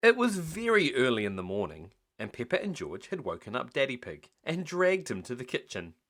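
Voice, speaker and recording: A man reading a children's bedtime story aloud in a slow, expressive storybook manner. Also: mid-range voice. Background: faint guitar music.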